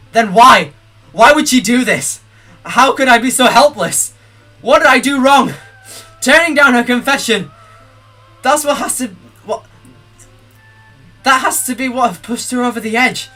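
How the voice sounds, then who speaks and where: A young male streamer reads game text aloud in a bright, forward voice, then bursts into jittery, panicky rambling. Soft game music plays faintly behind him. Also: extremely high pitch, normal speed, long pauses. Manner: excitable, panicky outbursts and nervous rambling.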